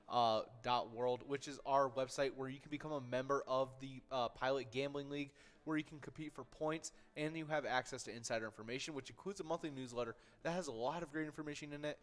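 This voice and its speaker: A man co-hosting a bingo livestream, chatty with quick reactions and casual promo talk. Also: medium pitch. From Minnesota.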